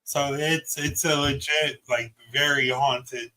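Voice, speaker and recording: A man's voice: mid-range voice, fairly even intonation, slow, bright, forceful tone, rough recording. A man interviewing a house owner, asking eager, curious questions in a casual way.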